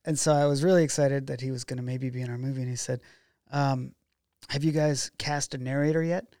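A man speaking at an ordinary pitch tells a story to a podcast host, slipping into other people's voices as he quotes them. His tone is gravelly with a light creak. The sound is dry and close-miked with no room around it. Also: fairly quick, dry recording. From Oregon. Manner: animated storyteller who acts out quoted dialogue. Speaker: documentary filmmaker guest. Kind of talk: casual storytelling interview.

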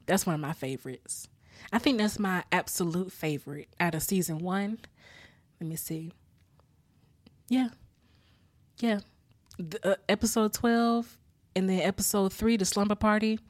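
A woman hosts a podcast, casually recapping a sitcom episode with plenty of swearing and laughter. Her mid-range voice moves at a measured pace with long pauses and no room sound, and her storytelling is animated and profane. She sounds a little worn out, tired after a rough weekend.

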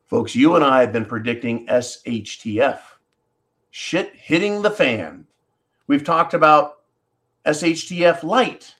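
A man's voice: medium pitch, fairly bright tone. A man hosting a podcast, talking in a blunt, profane, riled-up way as he tells a personal story to his listeners. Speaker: podcast host. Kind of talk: casual monologue and storytelling.

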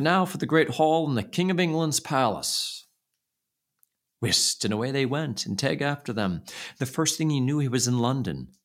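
Male storyteller, low voice, lilting folk-tale delivery for a holiday story. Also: fairly bright tone. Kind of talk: storybook narration.

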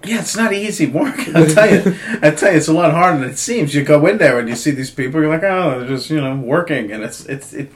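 A man's voice: fairly high pitch, fast. A man in his twenties chatting casually as a podcast co-host, telling stories with lots of laughter and swearing. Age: 20s. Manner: animated storyteller, laughs often, swears freely. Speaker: bank teller. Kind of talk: casual chat.

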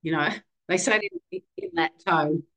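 An Australian woman in her fifties, a podcast guest telling her own story in a candid, animated conversational way. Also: deep voice, moderate pace, rough recording. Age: 50s.

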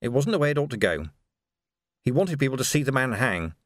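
A man reads a novel aloud in a steady, measured way, his pitch in the middle range. The recording is dry and close, with no room sound at all. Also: no room sound. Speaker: audiobook narrator. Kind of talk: audiobook narration.

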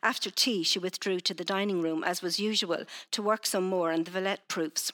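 A woman's voice: lowish voice, moderate pace. A woman author chatting hesitantly on a panel, then reading narration from her novel. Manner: hesitant, many fillers in chat; steady when reading.

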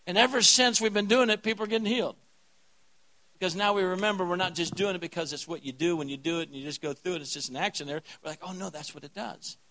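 A man preaching at a revival as a pastor, fervent and folksy, swinging from hushed lines to loud calls. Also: high voice, quick pace, low-quality recording. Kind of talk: revival sermon.

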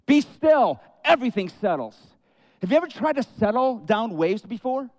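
A male pastor preaching a sermon in an expressive way, acting out quoted prayers as he goes. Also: sits high, brisk, no room sound.

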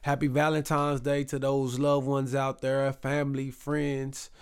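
A Texas man with a Southern accent hosts a casual solo podcast, chatty, repetitive, and hyped up with call-and-response phrasing. His medium-pitched voice is clean, monotone, and a little slow, and he's recovering from a rough voice.

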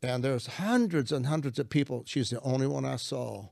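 Gravelly older man telling his testimony. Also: mid-range voice, moderate pace, a little mellow, dry recording, studio quality. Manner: earnest storytelling, acts out prayers. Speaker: minister. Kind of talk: testimony in conversation.

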